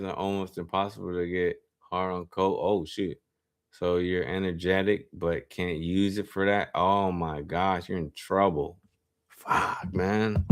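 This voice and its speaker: Young man, live streamer, slangy and profane, lowish voice, bright forceful tone. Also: smooth. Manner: animated, profane, slangy storytelling. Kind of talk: casual storytelling to a live chat.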